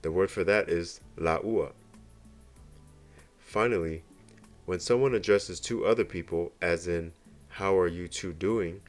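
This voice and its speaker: A man narrating a scripted beginner language lesson, explaining slowly and carefully with example phrases. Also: sits low, soft background music. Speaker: language teacher.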